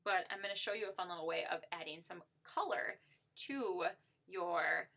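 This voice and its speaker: A woman's voice: fairly low pitch, moderate pace, gravelly, bright, forceful tone. A woman giving a casual makeup tutorial while demonstrating on herself, upbeat and gushing, with lots of "like" and "so" fillers.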